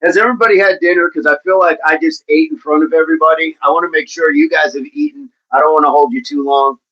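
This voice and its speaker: A man hosting a fitness livestream in a casual, upbeat way, chatting and giving playful shout-outs to viewers by name. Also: on the high side, expressive, fast talker, lo-fi sound. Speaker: livestream host of a fitness channel. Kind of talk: casual livestream chat, reading out viewer comments.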